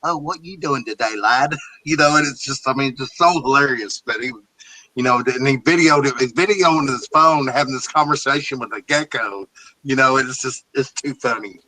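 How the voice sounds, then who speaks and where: Bright-voiced, chatty male co-host. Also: medium pitch, normal speed, poor audio. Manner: chatty, amused. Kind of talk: casual storytelling.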